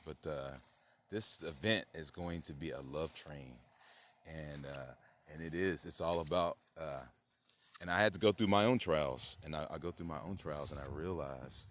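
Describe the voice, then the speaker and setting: A man hosting his own channel, talking in a rambling monologue full of fillers and sudden outbursts. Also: moderate pace. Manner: rambling, many fillers, bursts into loud high-pitched mock voices. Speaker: channel host.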